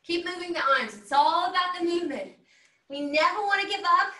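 A woman running an online workout class speaks fairly quickly in a very high, expressive voice with a sharp tone, exercising while she coaches. She sounds slightly breathless, cheering upbeat with whoops. The laptop mic on the video call is at a distance, so the recording is roomy and distant.

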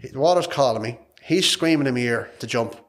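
Fast-talking Irish man telling his story. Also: medium pitch, a bit bright. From Ireland. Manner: rambling, repeats words, frank and emotional. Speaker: podcast guest. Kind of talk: personal story in an interview.

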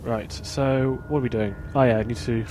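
A man talks through a horror game at a middling pitch. He is casual and a bit jumpy, muttering asides to himself as he plays. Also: fairly even intonation, normal speed, background noise. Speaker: let's play host. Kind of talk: casual gameplay commentary.

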